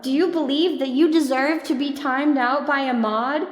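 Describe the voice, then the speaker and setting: A woman streamer chatting casually on a live stream, playful and teasing, laughing often and breaking into sing-song and shouty squeals, on a boom mic. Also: fairly even intonation, moderate pace.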